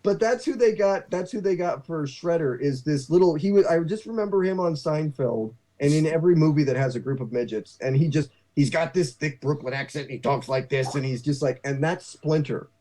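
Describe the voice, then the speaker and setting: A man hosting a casual talk show, rambling and halting with many restarts. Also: on the high side, warm tone. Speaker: podcast host. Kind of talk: casual chat.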